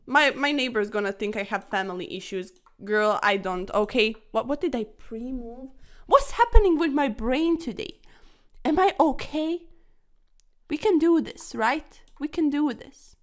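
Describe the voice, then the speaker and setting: A young woman playing chess online who grumbles at her opponent, calls him sir, and swings from yelling to muttering. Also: expressive, unhurried. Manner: loud and exasperated, then low and deflated. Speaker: chess streamer. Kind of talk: frustrated chess commentary to camera.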